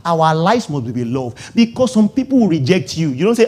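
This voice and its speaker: A man preaching a sermon, switching between loud calls to the congregation, low asides and laughter. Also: huge pitch swings, fairly quick, hardly any pauses. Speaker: pastor.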